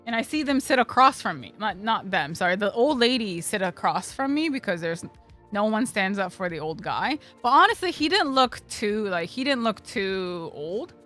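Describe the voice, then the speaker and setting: A woman's voice: mid-range voice, very animated, normal speed, a bit bright, faint music behind. Rambling woman streamer telling a story. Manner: rambling, filler-heavy, swears freely. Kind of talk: casual storytelling.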